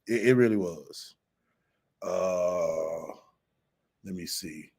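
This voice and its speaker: A man's voice: low voice, drawn-out words, darkish tone, husky. A man hosting a casual commentary livestream, swearing a lot, mocking and laughing as he reads and answers comments. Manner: profane, mocking, laughs often. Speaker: host.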